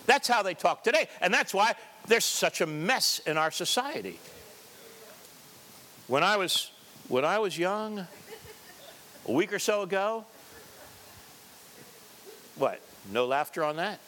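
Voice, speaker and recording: Pastor, male, high voice with a bright edge, drives points home by repeating them, cracks jokes along the way. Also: lively intonation, slow pace, pauses often. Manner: emphatic, repetitive preaching with joking asides. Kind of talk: sermon.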